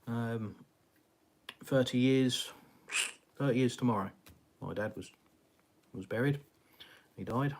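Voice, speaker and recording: A man's voice: mid-range voice, slow, long pauses. A middle-aged man from England hosting a casual live chat, reading viewer comments in a rambling way, with many fillers and sighs. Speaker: live stream host. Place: home, in Russia.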